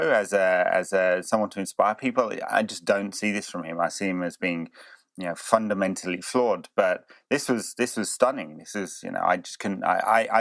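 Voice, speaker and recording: A man's voice: low-pitched, fairly bright tone, no echo. A man co-hosting a football podcast who talks hesitantly, stammers often and laughs a lot. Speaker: podcast co-host. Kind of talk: casual football chat.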